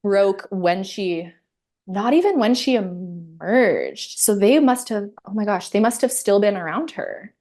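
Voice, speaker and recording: A woman in her thirties telling her own story as an interview guest, candid and animated, laughing often and acting out her inner voice. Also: mid-range voice, unhurried.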